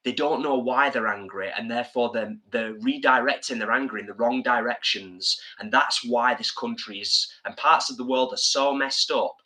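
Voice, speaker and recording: A Northern English man co-hosts a relaxed evening live stream from home. He reads viewer comments aloud and shares his thoughts in an earnest, chatty way. His voice is bright and forward, sitting at a middle pitch. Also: normal speed, hardly any pauses. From England. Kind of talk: casual live-stream chat. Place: home, drinking beer.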